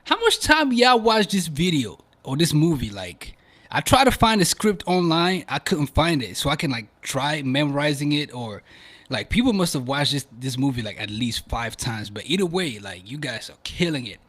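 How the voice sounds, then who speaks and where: A young man from Africa hosting a podcast, chatting casually to viewers in animated slang. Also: a little high, normal speed. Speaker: podcast host. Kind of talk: casual video commentary.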